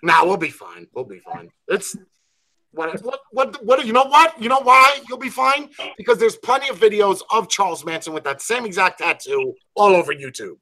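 A man hosting a casual group video call, loud and swearing, breaking into laughing outbursts. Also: high-pitched, sing-song, moderate pace. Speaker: channel host.

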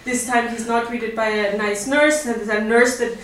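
A woman's voice: on the high side, steady tone, normal speed, fairly bright tone, a little hiss or hum. A woman in her thirties telling a candid, wry personal story before a live audience, laughing now and then. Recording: roomy live-stage sound, mic at a distance.

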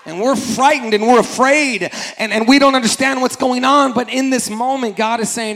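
High-voiced animated male preacher. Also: normal speed, gravelly, few pauses. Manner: animated, acts out scripture voices, repeats phrases, calls congregation to respond. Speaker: pastor. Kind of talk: energetic sermon.

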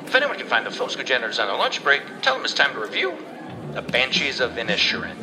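A man's voice: wildly swooping pitch, quick pace, low-quality recording. A man making playful mock announcements in a jokey intro. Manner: playful, swinging pitch. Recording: music bed under voice. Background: music.

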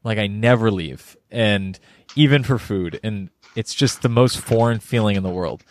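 A man's voice: fairly low pitch, moderate pace. A man co-hosting a casual podcast, laughing often and rambling as he talks. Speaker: podcast co-host.

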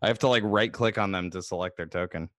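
A man's voice: low-pitched, fast, fairly bright tone, no room sound, studio quality. A man narrating as game master of a tabletop game, in a loose, rambling way with many fillers.

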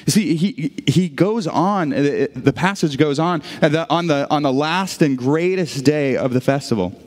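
A man's voice: fairly high pitch, a little slow. A middle-aged man preaching a sermon as pastor, talking to the congregation in a loose, conversational way, often restarting his sentences and dropping in friendly asides. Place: church sanctuary. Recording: long church reverb.

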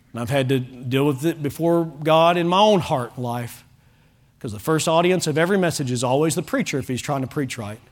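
A man preaches in church with a middle-pitched voice, speaking to the congregation in front of him. He is fervent and rises to loud, pleading calls at the high points of the sermon. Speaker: pastor.

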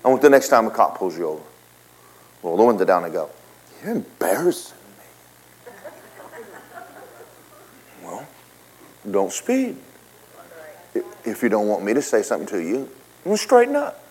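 Animated man preaching. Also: fairly low pitch, fast, a little hiss or hum, poor audio. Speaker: pastor. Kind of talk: sermon.

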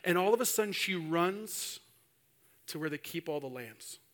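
Guy preaching a sermon, tells the story all animated, slightly high voice. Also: normal speed.

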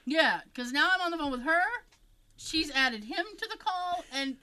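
A woman with a bright, fairly high voice tells a story in a relaxed chat. Her pitch swings widely as she animates the tale and acts out what each person said. She stumbles over restarts and fillers as she goes. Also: moderate pace, low-quality recording.

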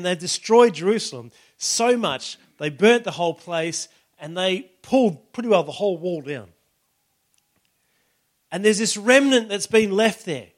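A man preaching a sermon in a relaxed, conversational way, with many "you know" and "all right" asides. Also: high voice. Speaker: pastor.

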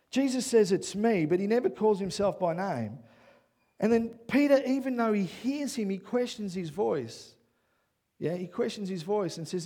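A man preaching a sermon as pastor, who often checks in with "yeah?" and builds to loud, excited passages. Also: high-pitched, slightly rough.

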